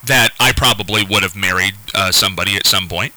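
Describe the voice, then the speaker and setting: A man hosting a call-in radio show, talking unscripted and halting, often repeating words and restarting. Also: deep voice, pushed and bright, dry recording, poor audio. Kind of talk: casual unscripted call-in talk.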